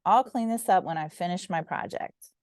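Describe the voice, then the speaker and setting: A woman's voice: on the low side, moderate pace, darkish tone, no echo, studio quality, natural voice. A woman voicing a bossy, easily flustered older sister in a storybook reading, firm and exasperated.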